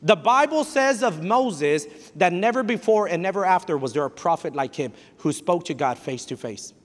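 A man's voice: high-pitched, animated, moderate pace. A man preaching a sermon as pastor, emphatic and direct, repeating his points and slipping Spanish phrases into his talk. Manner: direct, exhorting, with playful asides. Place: church sanctuary. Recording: long reverb of a church hall.

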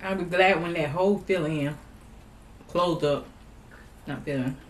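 A woman's voice: deep voice, a little slow. A woman vlogger chatting casually to her viewers while she eats and hums between bites, recorded on a laptop microphone at home. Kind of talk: casual eating vlog chat. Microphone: laptop built-in mic. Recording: roomy laptop recording with faint background noise.

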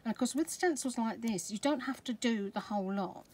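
A middle-aged Scottish woman chatting through an unboxing of craft supplies, gushing with excitement and dropping to soft whispers over favourite pieces. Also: a little high, fairly quick, rough recording. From Scotland. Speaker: craft vlogger. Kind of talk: product unboxing chat. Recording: background noise with crinkling packaging.

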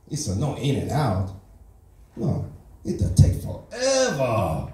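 A stand-up comedian playing a naive immigrant man who speaks broken English in deadpan one-liners. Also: mid-range voice, natural voice. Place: comedy club stage. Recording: echoey room from far off.

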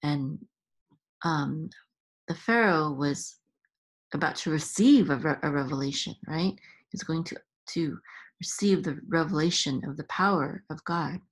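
Slow, husky woman teaching Hebrew reading. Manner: sounds out syllables slowly, chanting accent marks higher. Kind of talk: slow, patient reading lesson.

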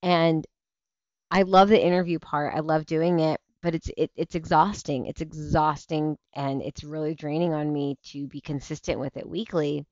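A woman's voice: low voice, steady tone, moderate pace, darkish tone, no room sound. A woman in her thirties hosting a casual talk show livestream, chatty and rambling, tired and burnt out. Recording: dull lo-fi stream audio.

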